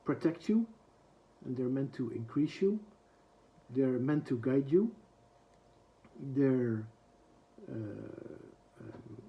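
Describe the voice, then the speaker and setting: A man giving a reflective book lesson, reciting quoted prayers quickly and then translating them slowly, with frequent soft hesitations. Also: mid-range voice, lo-fi sound.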